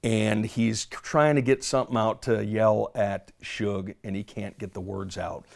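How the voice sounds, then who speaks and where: A man, a former police officer, telling a detailed story in an interview, halting and measured with many fillers. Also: fairly low pitch, gravelly.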